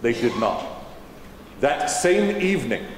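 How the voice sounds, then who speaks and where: A man interprets Washington on stage in a slow, mid-range voice full of big pitch swings, keeping the formal eighteenth-century diction of a dignified older statesman in this first-person historical portrayal. The low-quality recording, made in a large, echoey auditorium, has a little hiss or hum.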